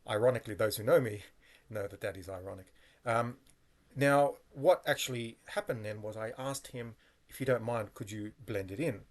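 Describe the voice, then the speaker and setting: A man's voice: fairly low pitch, normal speed. A man telling a personal story in a casual vlog monologue, meandering and correcting himself as he goes. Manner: meandering, with frequent fillers and self-corrections. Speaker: vlogger.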